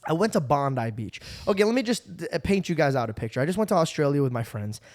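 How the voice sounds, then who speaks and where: A man hosting a casual podcast, telling a story in an animated way, laughing often and tired from no sleep. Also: a little high, quick pace. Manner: animated, laughing, does voices of friends. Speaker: podcast host.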